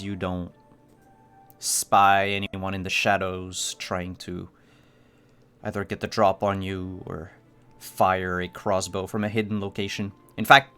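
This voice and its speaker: A man running a tabletop role-playing game, narrating the scene at a measured pace. His voice sits on the low side, and faint music plays underneath. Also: fairly bright tone. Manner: measured, descriptive narration with fillers. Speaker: game master.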